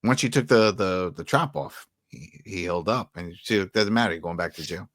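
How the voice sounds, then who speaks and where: A man co-hosting a casual TV recap podcast, animated and acting out characters' lines. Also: low voice, a little fast, dry recording, studio quality. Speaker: podcast co-host.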